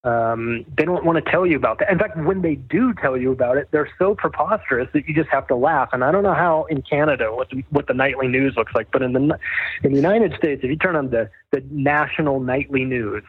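A man's voice: mid-range voice, brisk, husky, no echo. Wry man on a tinny phone line. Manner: wry, rambling, sardonic. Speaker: guest author. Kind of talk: casual interview storytelling.

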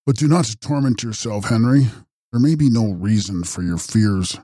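A man voicing a grave, steady gentleman in a gothic audiobook, speaking in a measured, consoling way. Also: lowish voice, dry recording, studio quality, close to an everyday voice.

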